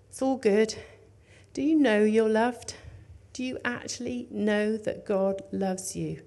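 A woman preaching a sermon in an earnest, conversational way, dropping to hushed tones and rising for emphasis. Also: mid-range voice.

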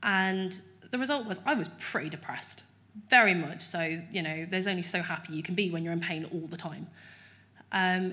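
A woman, giving a chatty, animated testimony in an interview at church. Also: on the low side.

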